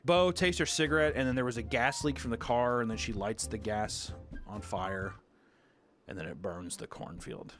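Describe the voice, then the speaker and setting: A man's voice: fairly low pitch, moderate pace, a bit bright, faint music behind. A young man in casual commentary, sarcastically recapping a film and mocking its characters by acting out their lines. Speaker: streamer.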